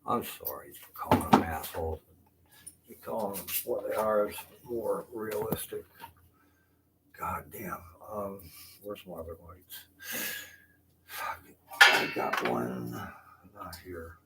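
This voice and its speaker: A frustrated older man rambles from a room in his house, swearing and then apologizing for it. His voice sits very low. He sounds distant from the microphone over steady background noise. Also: a little slow. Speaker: vlogger. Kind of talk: rambling live-stream talk. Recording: distant, noisy home recording.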